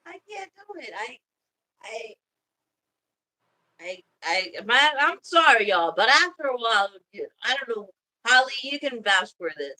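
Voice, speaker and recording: A woman's voice: a little high, very animated, a little slow, long pauses, sharp tone, poor audio. A woman hosting a livestream in casual chat, laughing often and swearing. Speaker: livestream host.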